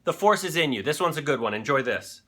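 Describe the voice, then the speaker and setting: A man's voice: a little high, animated, fast talker, music in the background. A man hosting a live-stream show in loose, rambling chat, swearing freely and talking to his viewers.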